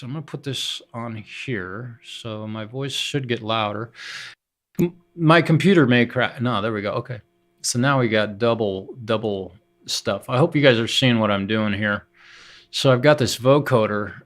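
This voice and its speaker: A man talks slowly and loosely on a live stream, trailing off and restarting as he works through his music gear. His voice sits in an ordinary middle register, and his delivery is unhurried and hesitant. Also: mid-range voice, a bit bright. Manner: halting, full of fillers and restarts, thinking aloud while troubleshooting. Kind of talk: casual live-stream talk while working.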